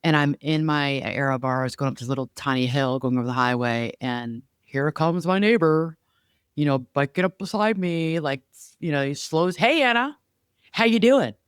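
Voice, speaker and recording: A woman co-hosting a podcast, telling stories in a lively, chatty way. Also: a bass voice, normal speed, clear, resonant tone, no echo, studio quality. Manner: animated storyteller, lively and chatty. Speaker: podcast co-host. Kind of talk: casual podcast conversation.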